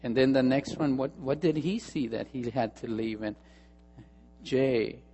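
A male pastor preaching a sermon, telling a story and moving between hushed asides and emphatic repeated phrases. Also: medium pitch, fairly even intonation, a little slow, slightly rough, big-room sound.

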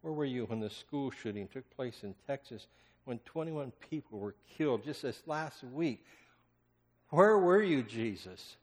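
A male pastor delivers a sermon in a large sanctuary, his voice trailing off into a long hall reverb. He swings from loud impassioned cries to hushed murmurs, with a mid-range pitch. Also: moderate pace.

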